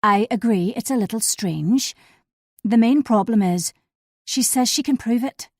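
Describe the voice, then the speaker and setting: A woman's voice: a little high, a little slow, dry recording, clean studio sound. A woman voicing an awkward, guarded male friend who speaks hesitantly and uneasily.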